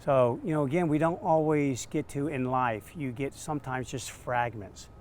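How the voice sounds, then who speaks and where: A man, a dog trainer, telling stories in an interview, animated and acting out quotes. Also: medium pitch, normal speed, slight background noise. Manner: animated, acts out quotes with laughs. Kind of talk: storytelling interview answers.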